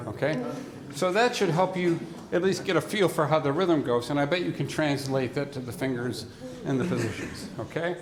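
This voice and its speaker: A man's voice: on the high side, lively intonation, a little fast, crowd noise. A man conducting a band rehearsal, who explains the music patiently and sings rhythms aloud to the players. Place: large rehearsal hall. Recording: roomy hall with faint ambience.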